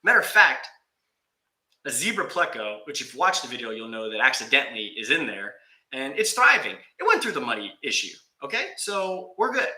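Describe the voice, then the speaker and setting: A man telling a story in a casual vlog, animated with exasperated humor. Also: medium pitch, fairly quick. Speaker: aquarium YouTuber. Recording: echoey room.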